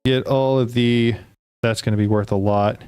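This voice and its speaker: An excitable man talks through a card-opening session and reads card text aloud. His voice sits at an ordinary middle pitch. The recording is dry and close, with faint music underneath. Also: normal speed, clear, resonant tone, no room sound. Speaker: card-opening video host. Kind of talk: casual card-opening commentary.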